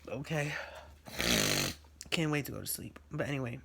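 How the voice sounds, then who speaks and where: A man's voice: mid-range voice, normal speed, gravelly, very noisy. A man venting in a diary-style vlog, rambling with slang and fillers, his nose running from allergies. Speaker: vlogger. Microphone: recording on a phone.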